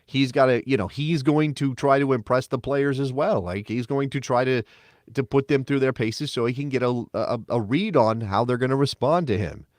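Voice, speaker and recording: Male podcast co-host, conversational and animated, dry studio sound. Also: normal speed, no echo. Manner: animated, mock-quotes others in high voice. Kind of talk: casual sports talk.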